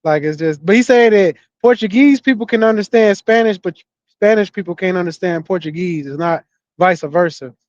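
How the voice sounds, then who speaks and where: A man's voice: sits high, normal speed, darkish tone, dry recording. A young man telling loose, profane stories in casual podcast chat, laughing often. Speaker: podcast co-host. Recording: dull, lo-fi dry sound.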